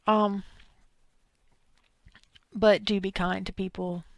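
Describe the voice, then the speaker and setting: Brief: Southern-accented woman instructor, a little gravelly, talks through rules with casual asides. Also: mid-range voice, level tone, takes it slowly, no room sound. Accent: thick Southern US. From Arkansas, US South. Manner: chatty, digressive, with asides and acted-out quotes. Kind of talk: recorded lecture.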